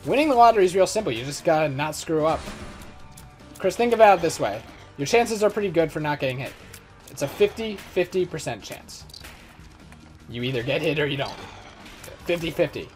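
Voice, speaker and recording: A man's voice: a little high, very animated, moderate pace, a little mellow, faint music behind. A man in his twenties giving casual gameplay commentary, rambling and joking at his own expense. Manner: rambling, joking, self-mocking. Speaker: let's play host.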